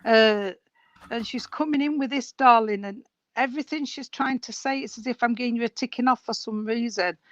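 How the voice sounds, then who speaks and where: A woman's voice: on the high side, a little fast, dry recording, lo-fi sound. A woman working as a spiritualist medium, chatty and rambling, calling people sweetheart and darling as she gives a reading over a video call. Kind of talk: live mediumship reading at an online service.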